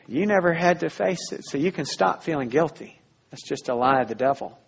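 A man preaching a sermon as pastor, earnest, dropping to a hush and then rising loud again. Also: on the high side, expressive, a little fast, creaky, husky. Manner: earnest preaching, swinging between hushed and loud.

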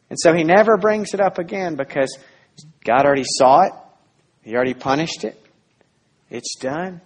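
A man preaching a sermon as pastor, earnest, dropping to a hush and then rising loud again. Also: fairly high pitch, moderate pace, pauses often, breathy edge. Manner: earnest preaching, swinging between hushed and loud.

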